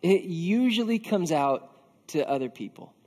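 A man's voice: sits high, expressive, unhurried, darkish tone, big-room sound. A man preaching a conversational sermon, casual and earnest, often filling with "like". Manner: casual and earnest, with frequent filler "like". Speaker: pastor.

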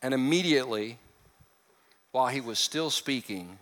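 A male pastor delivering a lively sermon with a high, bright voice that keeps breaking into jokes. His words carry a long reverb, as if spoken in a large church sanctuary. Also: moderate pace. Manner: animated, joking asides, acts out quotes.

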